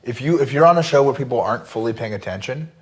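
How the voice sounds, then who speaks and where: A man's voice: medium pitch, expressive, fast talker, slightly rough. A man guesting on a comedy podcast, telling stories in a self-deprecating way. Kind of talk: casual storytelling chat.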